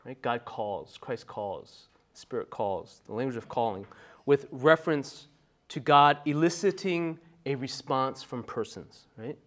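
A male pastor preaching a sermon in a conversational, emphatic style, checking in with the congregation with frequent asides and swinging between soft remarks and loud bursts. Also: medium pitch, measured pace.

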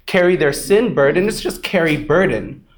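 A man preaching a sermon, telling a personal story in an animated way, full of fillers and frequent "right?" checks. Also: a little high, moderate pace, a little hiss or hum. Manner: animated, filler-heavy, laughs often, keeps asking "right?". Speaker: pastor. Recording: echoey room.

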